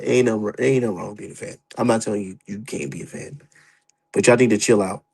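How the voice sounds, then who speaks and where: A young adult man giving profane, heated, animated commentary as a boxing streamer. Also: lowish voice, quick pace, creaky, slightly rough, poor audio. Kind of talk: casual ranting commentary.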